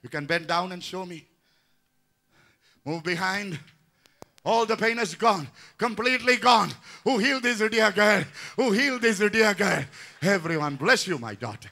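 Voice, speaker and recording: A man's voice: high voice, lively intonation, a little slow, vocal fry, pushed and bright. A man in his sixties leading a healing service as pastor, fervent and repetitive in call-and-response. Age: 60s.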